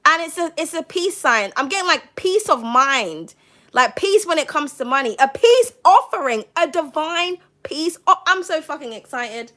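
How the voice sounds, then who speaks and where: A woman giving a live-stream tarot reading, chatty and excitable, swearing freely. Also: high voice, normal speed. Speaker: tarot reader.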